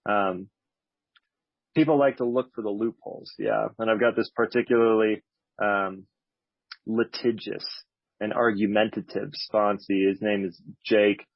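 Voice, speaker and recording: A man's voice: fairly low pitch, fairly even intonation, unhurried, creaky, no room sound. A man giving a candid, reflective talk about his recovery at a support meeting, with a slightly wry manner, on a dull lo-fi recording. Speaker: speaker sharing at a recovery meeting.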